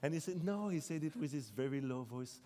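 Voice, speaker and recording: A young French man whose first language is French talks in English with a mellow, darker tone, reflective and halting, often circling back to restart a sentence. His voice carries the long reverb of a large hall. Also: fairly high pitch, lively intonation. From France. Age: 20s. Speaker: author being interviewed. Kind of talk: live stage interview. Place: debate hall on stage.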